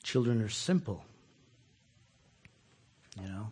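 Husky, animated male preacher. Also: on the high side, normal speed, long pauses. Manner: animated, acts out quoted voices, asks the listeners questions. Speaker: pastor. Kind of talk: conversational sermon.

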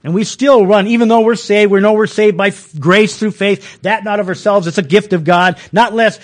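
High-voiced, folksy male preacher. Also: fairly even intonation, moderate pace. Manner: folksy, chuckling, many restarts. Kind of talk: conversational sermon.

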